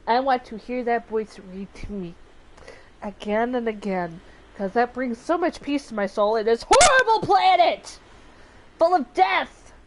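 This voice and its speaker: A woman's voice: fairly high pitch, moderate pace, background noise. Chatty Southern woman gaming. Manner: chatty, effusive. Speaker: let's play host. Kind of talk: gaming commentary.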